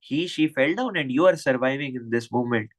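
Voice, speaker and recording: A man's voice: mid-range voice, animated, a little fast, poor audio. A man with an Indian English accent giving a devotional lecture over an online video call, impassioned and scolding with rhetorical questions. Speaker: spiritual teacher.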